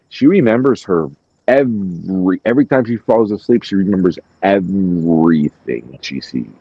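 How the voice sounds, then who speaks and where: A podcast host with a very low voice tells a story in lively casual chat and swears freely. The sound is dry and slightly dull. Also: male voice, moderate pace, husky, no room sound. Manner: animated storytelling, acting out quotes, frequent swearing.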